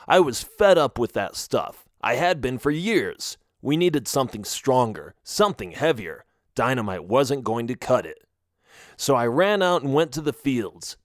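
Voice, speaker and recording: A man's voice: mid-range voice, no room sound, studio quality, lightly acted. A man reading an audiobook, voicing an upbeat young male friend in a mining adventure. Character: bold young male miner friend, eager. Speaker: audiobook reader. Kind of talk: audiobook character voice.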